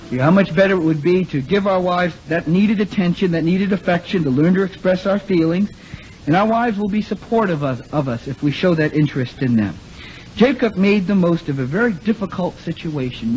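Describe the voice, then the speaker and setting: A man's voice: fairly high pitch, a little mellow. A man giving a talk to a congregation, acting out the voices of the people he quotes and putting questions to the audience. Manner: acts out quoted speakers, asks the audience. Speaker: preacher. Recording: lo-fi recording with faint noise.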